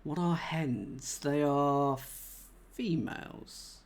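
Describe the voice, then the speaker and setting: A man's voice: on the high side, drawn-out words. A man thinking aloud as he solves a cryptic crossword live, chatting with viewers and laughing at himself. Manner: chatty, reads chat aloud, self-mocking laughs.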